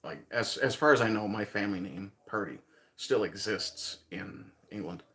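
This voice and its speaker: A man's voice: lowish voice, moderate pace, sharp tone. A man from Newfoundland with a light Newfoundland accent, chatting casually with viewers on his livestream, rambling and chuckling as he thinks aloud. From Newfoundland, Canada. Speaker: livestream host.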